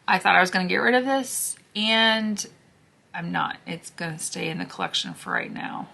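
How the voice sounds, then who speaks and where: Hoarse woman host, casual gushing declutter chat with hushed asides; low but bright, forceful tone. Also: animated, moderate pace. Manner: chatty, gushing, drops to a hushed near-whisper over swatches. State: hoarse, losing her voice. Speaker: beauty vlogger.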